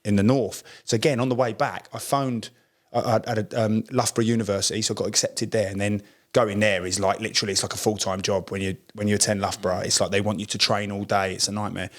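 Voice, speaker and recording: A man's voice: fairly low pitch, quick pace. Man telling a story. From Essex, England. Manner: acts out quoted dialogue in lively voices. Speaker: podcast co-host, former pro footballer. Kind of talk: casual storytelling chat.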